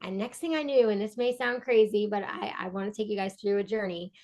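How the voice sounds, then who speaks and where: A woman at an ordinary middle pitch shares a heartfelt personal story as a podcast guest. She talks in an earnest, animated way and restarts her sentences often. Her voice softens when she turns reflective. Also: fairly quick. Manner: earnest, animated, acts out quoted dialogue. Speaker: podcast guest, breathwork coach.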